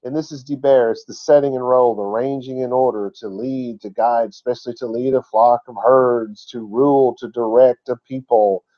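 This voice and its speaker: A man's voice: mid-range voice, steady tone, moderate pace, few pauses, highs cut off. A man teaching a word-by-word scripture lesson in a folksy, chatty way, with asides. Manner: folksy and chatty, laughs at his own asides. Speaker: Bible teacher.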